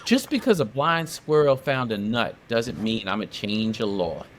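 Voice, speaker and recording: A man putting on the voice of an older, skeptical Southern senator with a slow drawl. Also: fairly low pitch, expressive, a little hiss or hum. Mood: dismissive.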